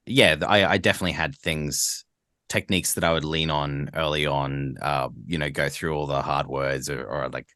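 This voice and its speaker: A man from Australia, a guest voice actor, chatting in a relaxed podcast interview, laughing easily and restarting words as he thinks. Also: very deep voice, normal speed, dry recording, clean studio sound.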